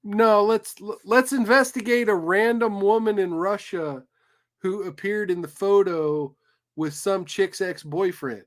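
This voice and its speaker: Sarcastic, cussing stream host. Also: male voice, high voice, measured pace. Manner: sarcastic, profane, incredulous. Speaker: livestream host. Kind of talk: casual commentary on clips.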